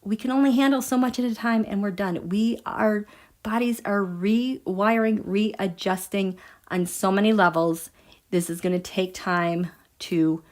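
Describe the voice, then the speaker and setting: A woman hosting a tarot and astrology livestream, chatting casually and emphatically with her viewers and reading out their comments. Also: medium pitch. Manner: animated, emphatic, talks straight to her viewers.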